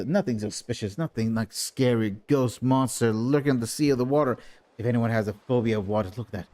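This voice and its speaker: A man's voice: medium pitch, a little fast, darkish tone. A man giving casual commentary on a playthrough of a video game, rambling and often restarting his sentences. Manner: rambling, with frequent restarts and repeated words. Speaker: gaming video host.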